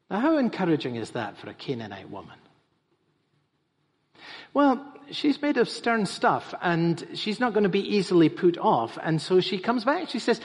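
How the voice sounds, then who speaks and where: A man's voice: a little high, wildly swooping pitch, normal speed, husky. A man preaching a sermon as pastor, emphatic and repeating phrases for stress. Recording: reverberant hall.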